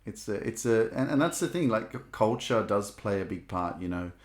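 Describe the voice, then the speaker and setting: A man hosting a podcast, asking questions and telling his own stories in a lively, enthusiastic way. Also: lowish voice, moderate pace. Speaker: podcast host. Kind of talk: casual podcast conversation.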